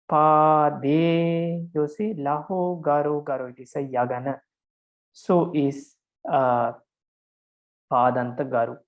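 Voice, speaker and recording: Patient monk teaching with a gravelly voice. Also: male voice, mid-range voice, darkish tone, low-quality recording. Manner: patient, counts syllables aloud, frequent fillers and repeats. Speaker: Pali teacher. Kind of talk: online lesson on verse meter.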